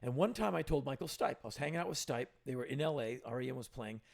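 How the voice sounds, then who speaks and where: A middle-aged man co-hosting a podcast tells casual anecdotes in a gravelly, medium-pitched voice at a quick pace. He gets animated whenever he quotes other people.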